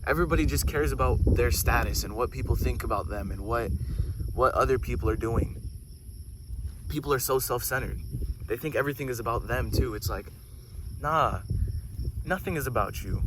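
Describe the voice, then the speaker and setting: Man, casual spiritual talk, excitable and preachy, average pitch, faint insect noise outdoors. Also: moderate pace, long pauses. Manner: excited, preachy, swears casually, goes off on tangents. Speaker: host.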